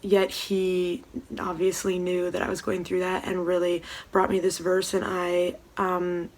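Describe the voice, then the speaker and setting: A young woman giving a casual devotional talk from home, soft-spoken and hesitant, with many pauses and ums. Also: lowish voice, monotone. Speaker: church devotional speaker. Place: room at home.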